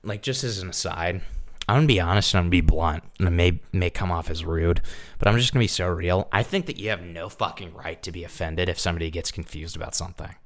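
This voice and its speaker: A man's voice: deep voice, fast. A tipsy man ranting blunt and defensive on a livestream, swearing freely. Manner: blunt, defensive, swearing, swings into loud rants. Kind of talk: livestream rant.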